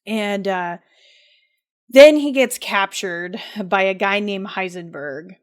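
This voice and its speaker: A woman's voice: mid-range voice, slow. A woman co-hosting a podcast, loosely recapping a story in casual chat, giggling often and leaning on fillers. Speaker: podcast co-host.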